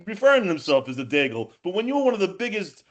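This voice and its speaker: High-pitched man hosting a podcast. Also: very animated, quick pace, highs cut off. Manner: joking, blunt, laughs along. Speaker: podcast host. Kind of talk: casual chat.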